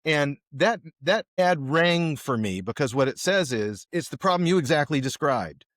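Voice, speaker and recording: A man's voice: fairly high pitch, normal speed, dry recording, clean studio sound. A man co-hosting a podcast, chatting casually and acting out everyday examples as he tells stories. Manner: animated storyteller who acts out examples. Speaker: podcast co-host. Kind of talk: casual conversation.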